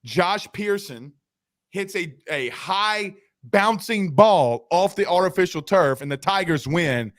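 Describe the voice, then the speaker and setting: Guy hosting a sports show, kinda high voice, animated joking storyteller, dry close sound. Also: takes it slowly, no echo. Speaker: sports talk show host. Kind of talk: casual sports talk.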